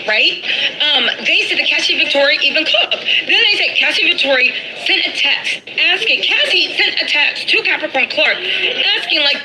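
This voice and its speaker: A woman casually recapping court gossip, animatedly acting out quotes and chuckling as she goes. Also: high voice. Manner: animated retelling, acts out quotes, chuckles often. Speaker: commentator recapping trial news. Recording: noisy background.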